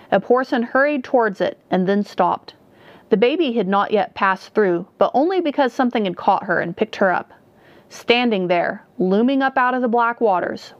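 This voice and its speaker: A woman's voice: medium pitch, dry recording. Woman narrating a fantasy audiobook. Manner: measured storytelling. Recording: dull, dry recording.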